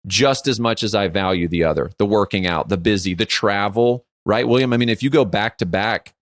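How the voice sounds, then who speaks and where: A man's voice: fairly low pitch, fairly quick, dry recording, clean studio sound. A man in his forties co-hosting a podcast, telling stories in a casual chat and acting out quotes. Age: 40s. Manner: animated storyteller who acts out quotes; frequent filler "like". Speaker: podcast co-host.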